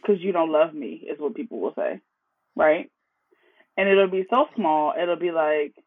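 A woman therapist in casual conversation, explaining ideas in an animated way and tagging her points with "right?". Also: deep voice, measured pace. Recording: tinny phone-like line.

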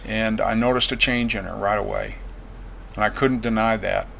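A man's voice: on the low side, steady tone, moderate pace, gravelly, slight background noise. Earnest man telling his testimony. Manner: earnest, plain-spoken, dropping quiet on painful memories. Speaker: veteran giving testimony. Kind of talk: personal testimony storytelling.

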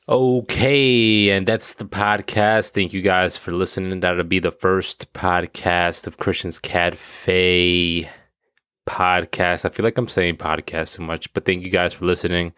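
Brief: male podcast host, crude and profane comic monologue, lower pitch, forceful. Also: little pitch movement, measured pace, clean tone. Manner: crude, profane, laughing at own jokes. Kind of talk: casual comedic monologue.

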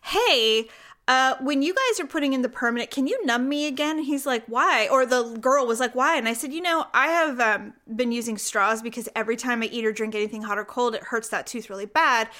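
A woman's voice: on the high side, brisk, sharp tone. A woman co-hosting a podcast, chatting casually and acting out the people in her stories. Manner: chatty storyteller, acts out quotes. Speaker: podcast co-host. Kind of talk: casual chat.

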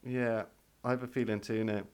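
A man's voice: medium pitch, flat delivery, brisk, darkish tone, smooth. A man hosting a podcast, chatting casually and playfully about a reality show and laughing often. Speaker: podcast host. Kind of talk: casual recap chat.

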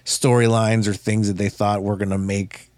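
A man's voice: lowish voice, flat delivery, normal speed, a little mellow, no room sound. Guy rambling about a movie on a podcast, lots of swearing, dry close mic. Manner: rambling, profane, restarts often. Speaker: podcast co-host. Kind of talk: casual movie review chat.

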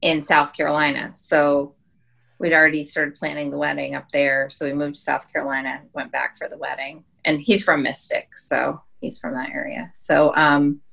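A woman's voice: low voice, little pitch movement, moderate pace, vocal fry, fairly bright tone, poor audio. A woman in her thirties from Wyoming, telling stories in a casual podcast chat with lots of "like" and "um.". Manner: chatty storyteller, many "like" and "um" fillers. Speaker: podcast guest.

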